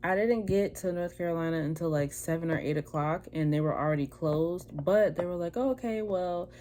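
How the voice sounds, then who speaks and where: With a low, mellow voice and a steady tone, a young woman vlogger moves briskly through a personal story, mimicking what people said in altered voices. Her casual, chatty delivery has slight background noise behind it.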